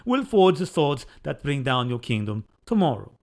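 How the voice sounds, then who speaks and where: Guy putting on a menacing viking warlord, fake nordic accent, pitched up and loud. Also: sing-song, moderate pace. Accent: mock Nordic.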